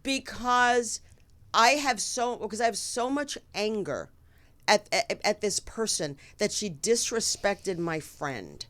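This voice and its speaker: A woman's voice: mid-range voice, animated, slow, a bit bright. A woman hosts a podcast in loose, casual conversation. She is blunt and fiery, with a short fuse and a habit of swearing. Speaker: podcast host. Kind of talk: casual chat.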